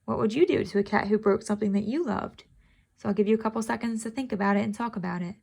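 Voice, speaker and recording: A woman's voice: mid-range voice, fast talker, vocal fry, a little mellow, slightly rough. A woman teacher reading a chapter book aloud to students, stopping to ask questions and explain vocabulary in an encouraging way.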